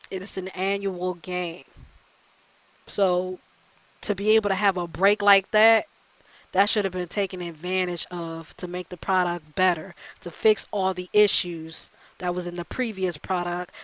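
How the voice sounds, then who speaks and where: A woman's voice: fairly low pitch, fairly even intonation, measured pace, fairly bright tone, low-quality recording. A woman hosting a gaming channel, delivering a profane, exasperated rant that circles back and repeats her points. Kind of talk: ranting video commentary.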